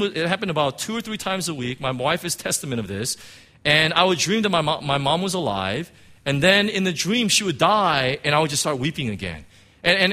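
A middle-aged man, a pastor, giving an emotional personal testimony in church, halting and restarting as he tells it. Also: fairly high pitch, bright, forceful tone. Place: church sanctuary.

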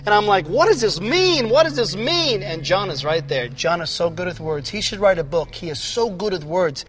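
A man playing an excitable, rambling fisherman apostle in a comedic church video skit, talking in an eager, jokey way. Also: high-pitched. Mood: chatty. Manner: eager, chatty, jokey, quick exclamations.

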